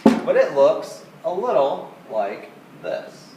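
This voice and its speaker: Lively-voiced man teaching trumpet. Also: a little high, slow pace, echoey room, noisy background. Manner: counting beats aloud, patient and explanatory. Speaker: music teacher. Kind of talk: trumpet lesson instruction.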